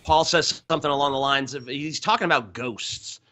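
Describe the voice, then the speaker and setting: A man's voice: medium pitch, brisk, pushed and bright. A man co-hosting a podcast, casually telling a story full of swearing and stifled laughter over a remote call. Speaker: podcast co-host. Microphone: remote call that drops out.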